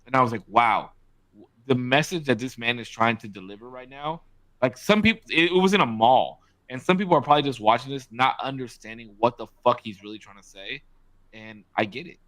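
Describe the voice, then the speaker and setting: A man's voice: medium pitch, fairly quick, fairly bright tone, dry recording. Man, podcast co-host, loose casual chat, swears, dry close sound. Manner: loose, swearing, talks in bursts.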